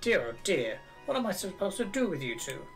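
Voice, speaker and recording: A man's voice: high-pitched, very animated, a little fast, soft background music, pitched above the performer's own voice. A man putting on a snooty posh old gent. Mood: condescending. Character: pompous posh older gentleman, snooty.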